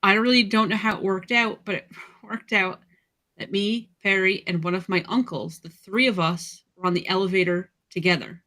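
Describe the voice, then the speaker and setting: A woman's voice: mid-range voice, fairly even intonation, normal speed, sharp tone. A woman co-hosting a podcast, telling an embarrassing family story in a chatty, laughing way. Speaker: podcast co-host. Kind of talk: casual chat.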